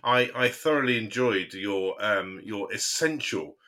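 A man co-hosting a casual chat, teasing and quick to laugh. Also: fairly low pitch, bright, forceful tone. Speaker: podcast co-host.

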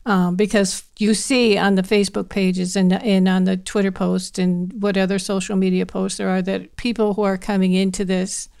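A woman's voice: medium pitch, level tone, moderate pace, gravelly, few pauses, darkish tone, smooth. A woman with a medium voice who co-hosts a podcast, speaking earnestly and laughing as she tells stories. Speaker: podcast co-host. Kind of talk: casual podcast conversation.

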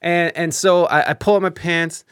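A young man live streaming, telling a story in a casual, animated way with lots of swearing, fillers and restarts. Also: on the high side, normal speed, clean tone, dry recording, clean studio sound.

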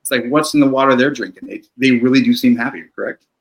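A middle-aged man, a therapist, talking calmly and reflectively in a podcast conversation, often checking in with "right?". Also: medium pitch, fast talker, poor audio. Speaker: therapist guest.

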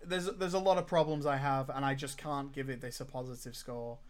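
A podcast co-host with a mid-range, brisk male voice and fairly even intonation chats casually about films. He's emphatic and enthusiastic, often repeating words as he starts a thought.

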